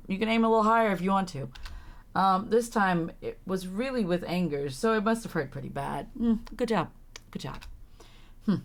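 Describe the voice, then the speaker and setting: A young woman's mid-range, animated voice moves at a moderate pace with long pauses. She's streaming a visual novel, reading lines aloud and reacting with sweary, sarcastic exasperation.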